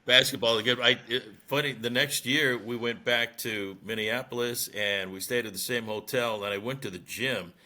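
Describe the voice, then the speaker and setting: A man's voice: mid-range voice, normal speed, few pauses, sharp tone. An older man, a veteran radio broadcaster, telling stories in a casual interview and laughing at his own tales.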